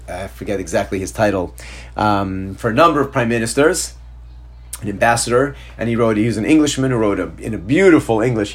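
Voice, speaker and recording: A man teaching a Torah class, speaking emphatically in a storytelling way with rhetorical questions and slowing down to stress key words. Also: on the low side. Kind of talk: recorded class lecture.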